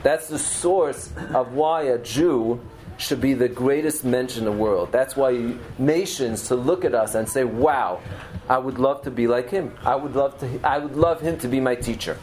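A man's voice: mid-range voice, measured pace, a little mellow, a little hiss or hum, low-quality recording. Earnest male Torah lecturer. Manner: earnest storytelling, peppered with Hebrew and Yiddish terms. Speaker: Torah teacher.

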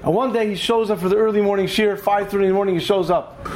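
A man teaching a Torah class who tells animated stories and acts out the characters. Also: sits high, fast talker, a little hiss or hum, low-quality recording. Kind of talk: storytelling lecture.

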